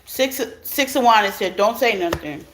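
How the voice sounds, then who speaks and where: A woman's voice: medium pitch, expressive, measured pace, fairly bright tone. A woman giving a casual tarot reading to her viewers, chatty and laughing often as she talks straight to them. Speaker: tarot reader. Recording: clear background noise.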